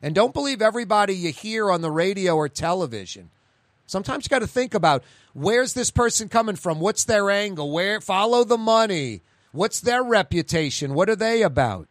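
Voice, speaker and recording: New radio host guy, high voice, blunt and ranty, dry close mic. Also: expressive, moderate pace, no echo. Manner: blunt, ranting, sarcastic asides. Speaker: radio talk show host. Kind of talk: casual on-air talk.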